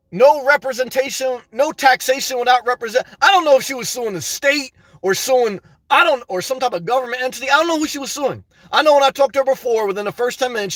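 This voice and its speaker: With an extremely high, slightly bright voice and no echo, a YouTuber talks to his viewers in a loose, rambling monologue. He vents, tells stories, laughs, and frequently addresses them as "guys."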